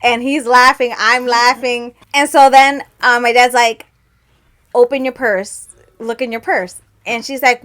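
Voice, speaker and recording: Brief: chatty woman co-host, slightly high, acts out family quotes. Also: fairly even intonation, a little slow, fairly bright tone. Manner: rambling storyteller, laughs often, acts out relatives' lines. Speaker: podcast co-host. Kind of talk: casual chat.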